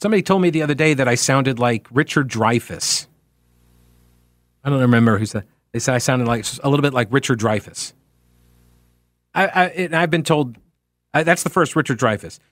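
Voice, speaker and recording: A man's voice: mid-range voice, brisk, long pauses, a bit bright, no echo, studio quality. A man with a slightly nasal voice and a Long Island accent, talking as a radio talk show host in a chatty, rambling way with wry asides. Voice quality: a little nasal. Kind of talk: casual talk radio monologue. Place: radio studio. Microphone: studio microphone.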